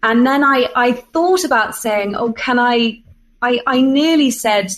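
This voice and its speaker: A woman's voice: on the high side, unhurried, low-quality recording. English woman chatting with easy laughs. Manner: chatty, self-deprecating, laughs often. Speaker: voice actor guest. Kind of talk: casual interview chat.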